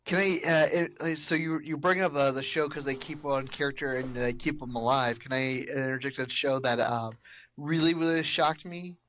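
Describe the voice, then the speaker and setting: A man with a fairly high voice co-hosting a casual podcast. He tells stories eagerly and animatedly, with plenty of "uh" and "like" along the way. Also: normal speed, slight background noise. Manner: eager, animated storyteller with many fillers. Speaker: podcast co-host.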